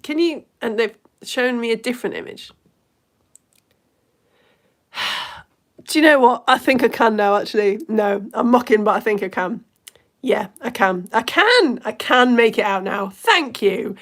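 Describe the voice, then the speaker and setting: A woman's voice: fairly high pitch, unhurried, long pauses. A woman from the UK hosting a live online lesson, chatting casually with viewers in a self-mocking, giggly, rambling way. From United Kingdom.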